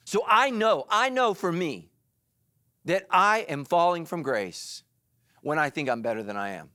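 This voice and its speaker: A middle-aged male pastor preaching with a high, bouncing voice that leaps up and down. He jokes with the congregation and slips into quick put-on voices. The sound is close and dry. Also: dry recording. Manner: animated and joking, acts out quick quoted voices. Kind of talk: energetic sermon. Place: church.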